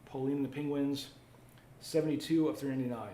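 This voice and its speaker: A man's voice: medium pitch, steady tone, fast talker, dark tone. A man hosting a live card break, chatting casually while opening packs and reading out viewer comments. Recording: roomy echo, faint ambient noise.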